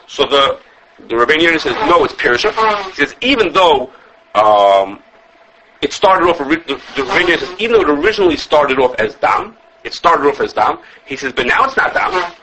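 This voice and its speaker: A man teaching an informal religious law class, talking fast with lots of restarts and acting out the sources he quotes. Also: a little high, sing-song, bright, forceful tone, slight background noise, rough recording. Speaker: Torah teacher.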